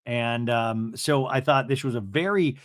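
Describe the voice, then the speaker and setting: A man's voice: mid-range voice, measured pace, no room sound, studio quality. A man hosting a casual TV recap podcast, rambling and thinking aloud with many restarts. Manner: rambling, lots of you-knows and restarts. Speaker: podcast host.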